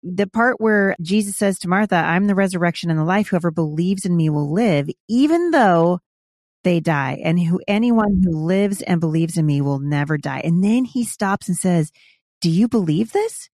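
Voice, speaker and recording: A woman's voice: lowish voice, normal speed, few pauses, a little mellow, no echo. A middle-aged woman hosting a conversation, reflective and earnest. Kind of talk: conversational talk.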